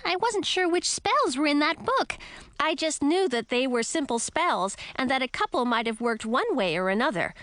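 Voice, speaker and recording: A woman voicing a kindly, fretful female talking bat in a storybook, in a high chirpy voice. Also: big pitch swings, moderate pace, a bit bright, no room sound. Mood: fond.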